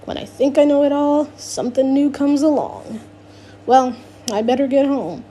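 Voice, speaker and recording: A woman's voice: high-pitched, dark tone, slight background noise, natural voice. Woman playing a guilty, evasive middle-aged dad. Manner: drawn-out, guilty hedging.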